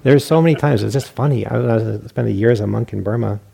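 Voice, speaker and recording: A middle-aged man teaching meditation in a relaxed dharma talk, poking fun at himself and acting out his own inner voices. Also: mid-range voice, quick pace, gravelly, husky. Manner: relaxed, self-mocking, acts out inner voices.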